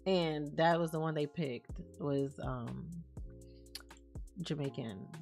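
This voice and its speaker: A woman's voice: low voice, slow pace, darkish tone, faint music behind. A woman streaming live, chatting casually and reading out and answering messages from her chat. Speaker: livestreamer.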